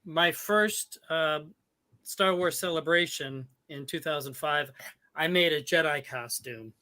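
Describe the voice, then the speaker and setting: A male podcast host with a higher, bright voice chats eagerly about his own fan experiences. He talks with a fan's open enthusiasm, and his tone stays sharp and forward. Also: a little slow. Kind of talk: casual chat.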